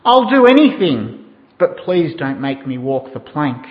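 A man's voice: fairly high pitch, very animated, unhurried, voice pushed down. A man voicing a scared male pirate who pleads tearfully for mercy. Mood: begging. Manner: begging, tearful. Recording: dull sound in a reverberant hall.

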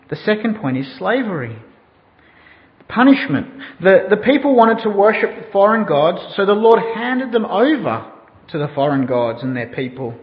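A man preaching a sermon who tells a story and asks the listeners questions. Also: high-pitched. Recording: dull sound in a reverberant hall.

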